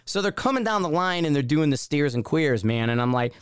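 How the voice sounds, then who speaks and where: A man's voice: fairly high pitch, lively intonation, a little fast, smooth, no echo, studio quality. A man hosting a podcast, telling a long personal anecdote in a casual, rambling way and acting out the voices of the people in it. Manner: rambling anecdote with acted-out quotes. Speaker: podcast host. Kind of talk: casual storytelling.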